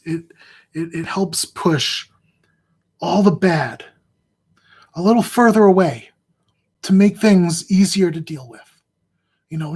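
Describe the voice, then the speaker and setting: A husky-voiced man speaks in a loose, unscripted way, stopping and restarting his sentences. He sounds emotional and close to tears, and there is strain from physical pain in his voice. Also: a little high, darkish tone. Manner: rambling, halting, repeats words. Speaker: fantasy sports analyst. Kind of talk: heartfelt casual address to viewers.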